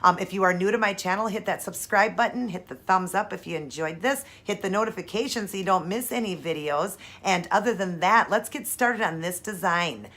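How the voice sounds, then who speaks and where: A woman's voice: medium pitch, fairly quick, hardly any pauses, a bit bright. A woman hosting her own nail art channel, talking through a tutorial in a chatty, upbeat way and explaining each step. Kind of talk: casual tutorial chat.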